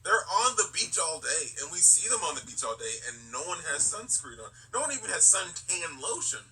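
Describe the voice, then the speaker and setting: A man's voice: a little high, sing-song, fairly quick, sharp tone. A man co-hosting a podcast, giving sarcastic, joking commentary on a movie. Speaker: podcast co-host. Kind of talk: casual movie recap chat. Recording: distant mic with faint background hiss.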